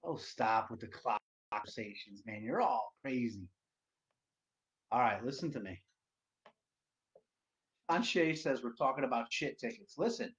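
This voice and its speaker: A man hosting a casual solo livestream, loud and profane, rambling to his viewers. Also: mid-range voice, expressive, measured pace, pauses often. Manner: loud, profane, rambling, sings along to music. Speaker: livestream host. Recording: dull lo-fi stream audio.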